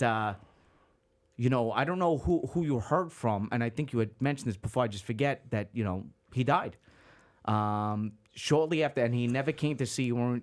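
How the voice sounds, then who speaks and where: Male podcast host, mid pitch; casual, halting, filler-heavy, swears. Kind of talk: casual interview chat.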